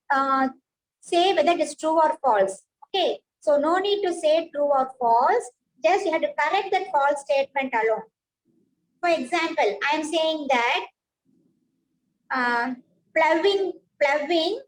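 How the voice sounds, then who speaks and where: A woman's voice: high-pitched, low-quality recording. A woman, teaching a science class, patiently repeating points and praising pupils by name.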